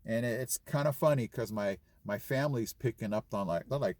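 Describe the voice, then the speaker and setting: A man's voice: on the low side, normal speed, few pauses, a little mellow, dry recording. Earnest, grateful man vlogging. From California. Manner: earnest, grateful, chatty with fillers. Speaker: vlogger and schoolteacher. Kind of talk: casual vlog talk to camera.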